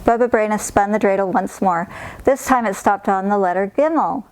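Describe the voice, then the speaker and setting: Lady reading a kids' storybook out loud, calm clear narration, normal pitch. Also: normal speed. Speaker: storybook reader. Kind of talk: reading a picture book aloud.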